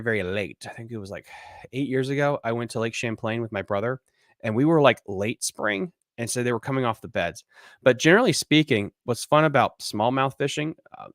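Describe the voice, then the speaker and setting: A man's voice: medium pitch, fairly bright tone, no room sound, studio quality. A man hosting a live fishing podcast, ranting bluntly and swearing casually as he answers listener questions. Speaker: podcast host. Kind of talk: casual live-stream rant and Q&A.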